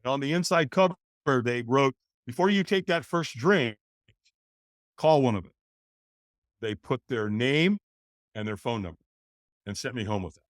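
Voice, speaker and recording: A man in his sixties, a podcast guest, telling his life story in a lively way and acting out the voices of people in it. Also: medium pitch, moderate pace, long pauses, dry recording, studio quality. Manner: animated, acts out voices in his stories. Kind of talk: storytelling interview.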